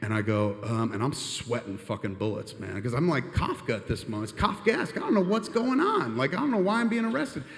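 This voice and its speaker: A man telling a long comedic story on a live stage, rambling, profane and animated. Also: mid-range voice, a little fast, creaky, hardly any pauses, echoey room, in a large hall.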